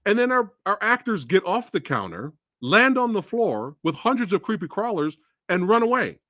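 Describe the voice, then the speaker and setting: Male stream host, movie reviewer, lively swinging pitch, profane exasperated rant. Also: moderate pace, no room sound, studio quality. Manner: profane, animated, exasperated ranting. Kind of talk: ranting live stream review.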